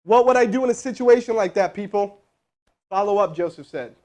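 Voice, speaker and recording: Energetic man running a sales lesson. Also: high voice, brisk. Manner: energetic, joking, talks to chat. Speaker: sales trainer. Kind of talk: live teaching session with role-played calls.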